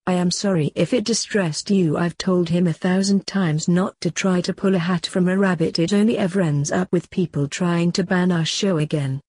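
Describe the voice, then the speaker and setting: A woman's voice: lowish voice, fairly even intonation, moderate pace, few pauses, darkish tone, husky, dry recording. A woman reading the lines of a weary old male stage magician, a grandfather, polite and evasive.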